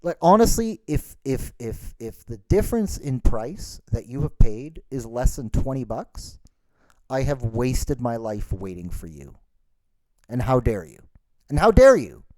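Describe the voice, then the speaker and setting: A man's voice: mid-range voice, expressive, measured pace, a little mellow, no room sound. A man hosting a podcast, ranting in an exasperated, sarcastic way. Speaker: podcast host. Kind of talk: ranting monologue.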